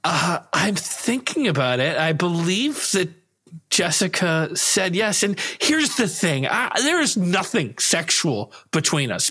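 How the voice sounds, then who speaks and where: An earnest, flustered young man who wants to marry his cat, as a man plays him in improv. He stammers through bright, lively lines with a husky edge and a slightly high pitch. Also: full character voice. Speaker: improv performer.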